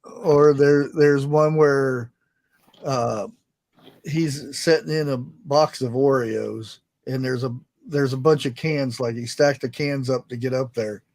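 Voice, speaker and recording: A man's voice: medium pitch, fairly even intonation, slow, darkish tone. A man in a casual chat, amused as he retells funny videos.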